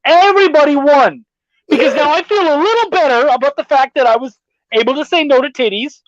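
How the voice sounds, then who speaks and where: A man's voice: very high-pitched, brisk, no echo. Laid-back male host, dull dry audio. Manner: profane, storytelling, laid-back. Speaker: podcast host. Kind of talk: casual podcast chat, reading viewer comments.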